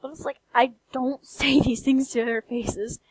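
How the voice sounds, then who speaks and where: A young woman with a country accent, ranting in a soft-spoken late-night vlog, candid and blunt with frequent swearing. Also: sits high, fairly even intonation, a little slow, breathy edge, poor audio. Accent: American country. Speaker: vlogger. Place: quiet room late at night.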